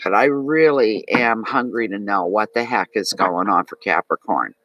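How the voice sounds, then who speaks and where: A man's voice: fairly low pitch, normal speed, muffled recording, background noise. A man with a Maritime Canadian accent giving a live tarot reading, talking chattily and animatedly to his viewers and answering chat comments. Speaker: tarot reader.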